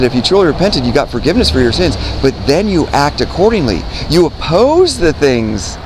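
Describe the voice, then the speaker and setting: Earnest man preaching outdoors by traffic. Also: fairly high pitch. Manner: earnest, repeats himself, quotes scripture, asks "right?". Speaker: street preacher. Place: outdoors by a road.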